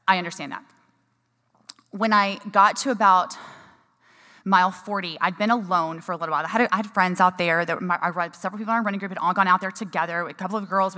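A woman's voice: fairly low pitch, pushed and bright. Chatty woman in a reverberant hall. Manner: chatty and emotional, many restarts. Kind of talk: personal story in a talk.

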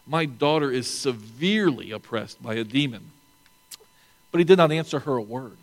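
A man's voice: medium pitch, lively intonation, normal speed, long reverb tail. A man preaching a sermon to a congregation in a conversational way, with asides and restarts. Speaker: pastor.

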